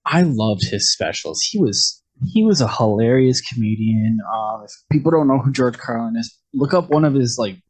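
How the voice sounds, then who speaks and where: A man's voice: medium pitch, lively intonation, normal speed, few pauses, breathy edge. A man as a podcast guest in casual chat, easygoing, dropping chuckling asides and short backchannels.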